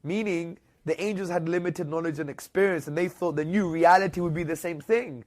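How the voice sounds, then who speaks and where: A British man speaks as an interview guest and tells his story with a lot of energy. His voice sits a little high and jumps up and gets louder when he acts out what other people said. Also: fairly quick, few pauses. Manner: lively, rising and loud when quoting others.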